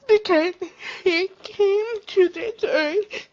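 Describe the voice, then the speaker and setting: Tearful woman sharing a faith testimony; very high, slow, dull lo-fi sound. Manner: earnest, tearful, halting. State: crying. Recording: dull lo-fi recording.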